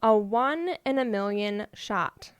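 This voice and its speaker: A woman's voice: medium pitch, takes it slowly, clean tone, no room sound, studio quality. A woman co-hosting a podcast, telling odd stories in a playful, casual way and often laughing. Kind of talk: casual storytelling chat.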